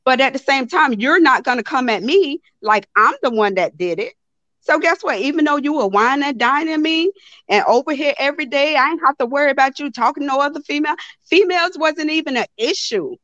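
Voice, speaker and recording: A young woman, telling a story to a live audience in a blunt, animated way and swearing freely. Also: high-pitched, brisk, no room sound, dull audio. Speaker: host of a live talk stream.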